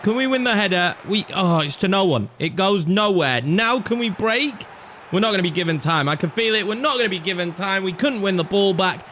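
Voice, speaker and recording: A young man commentating over his own football video game, excitable and swinging from low muttering to shouts at chances and goals. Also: brisk, a little hiss or hum. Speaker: gaming YouTuber. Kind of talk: live commentary over gameplay.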